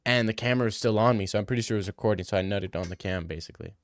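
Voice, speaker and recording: A man's voice: fairly low pitch, racing, no echo. Young man, streamer, loose and profane, dry close sound. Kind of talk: casual stream chat.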